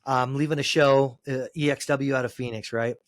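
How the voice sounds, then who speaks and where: A man, a former pro wrestler, telling road stories in a casual podcast chat, cursing freely and rambling, climbing loud and high as he gets worked up. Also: moderate pace, no echo. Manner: profane, rambling storyteller, gets loud and high when excited.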